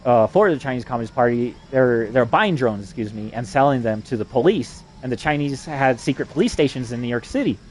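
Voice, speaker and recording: A man's voice: mid-range voice, animated, a little hiss or hum. A man rambling through a personal story in a profane, casual way. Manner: profane, rambling, fast-talking.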